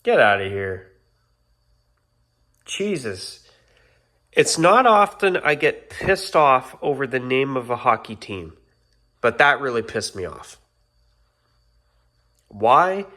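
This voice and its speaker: A YouTuber rants casually to his channel's viewers, exasperated and now and then apologizing. His mid-range voice is expressive and a little slow, with a sharp tone.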